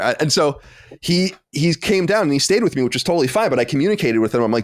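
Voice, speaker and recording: A man in his late thirties, a podcast co-host, telling an animated story with exasperated asides in casual chat. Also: mid-range voice, fast, no room sound, clean studio sound. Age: 30s.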